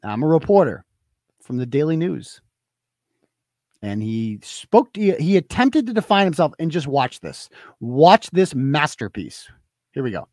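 A podcast host, a man, delivering an angry, profane political rant with shouting bursts. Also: a little high, big pitch swings, measured pace, no echo.

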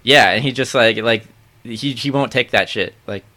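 A man's voice: medium pitch, normal speed, pushed and bright. A man co-hosting a casual podcast, talking in an easygoing, agreeable way. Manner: easygoing, agreeable, frequent backchannels. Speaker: podcast co-host. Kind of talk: casual chat.

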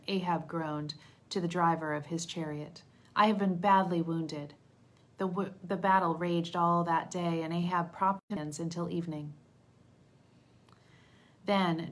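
A woman reading scripture aloud at a steady, measured pace, lightly voicing the quoted speech. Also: fairly low pitch. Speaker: Bible reader.

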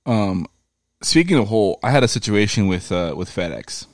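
A man with a low voice tells a rambling story in a loose, profane way and slips into voices for the people in it. The sound is dry and close. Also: moderate pace, dry recording. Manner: profane, animated retelling with quoted voices. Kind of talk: casual storytelling chat.

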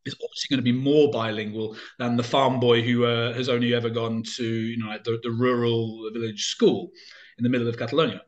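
A man's voice: medium pitch, little pitch movement, brisk, dull audio. A man chatting casually as an interview guest, talking in loose, rambling sentences full of fillers and restarts.

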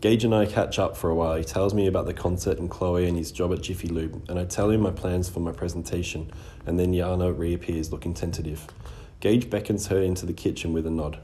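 Steady male audiobook narrator, deep and mellow. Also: a little fast, a little hiss or hum. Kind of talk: scripted first-person narration.

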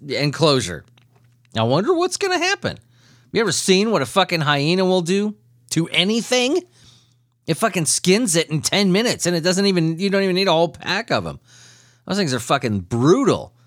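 A man's voice: on the high side, no room sound, studio quality. A man hosting a comedy news podcast, reading odd stories and ranting with lots of swearing and laughter. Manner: profane, laughing, animated ranting. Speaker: podcast host. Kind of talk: casual comedic news commentary.

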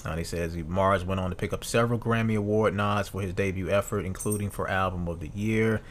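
Guy in his 30s doing a solo podcast, real low voice, chill and reflective, lots of ums, faint room hum behind. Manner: casual and reflective, reads notes aloud with fillers and restarts. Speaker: podcast host.

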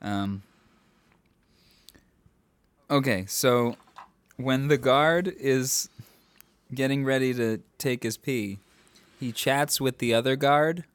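A man's voice: mid-range voice, takes it slowly, long pauses, smooth, dry recording. A man in his thirties co-hosting a casual movie podcast, joking around, trading quotes and laughing. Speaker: podcast co-host.

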